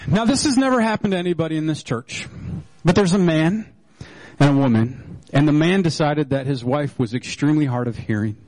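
A man's voice: on the high side, animated, a little fast, darkish tone, no room sound, low-quality recording. A male pastor preaching a sermon in a loose, joking storytelling way, with many fillers and restarts.

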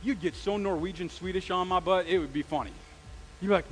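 A man preaching a sermon as pastor, conversational and animated, asking the congregation questions and dropping into casual slang. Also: sits high, a little fast, husky, rough recording. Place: church sanctuary.

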